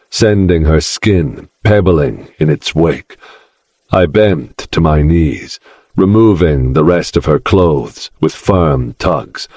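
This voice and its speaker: A man with an extremely deep voice narrates in a slow, brooding first-person style. His tone is husky, and the recording is dry and close. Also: no echo. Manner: slow, brooding, dark delivery. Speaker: audiobook narrator.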